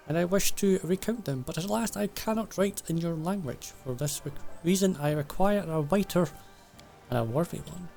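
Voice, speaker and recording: A man's voice: fairly high pitch, gravelly, dark tone. A man reading game dialogue aloud as a flamboyant young woman traveller, grandiose and mystical, with flowery, theatrical phrasing.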